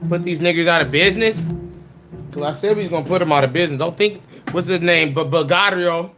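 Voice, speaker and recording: A man's voice: on the high side, fast talker, fairly bright tone, faint music behind. A man hosting his own show, talking in a brash, profane and boisterous way and often laughing. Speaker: show host. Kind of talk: casual reaction commentary.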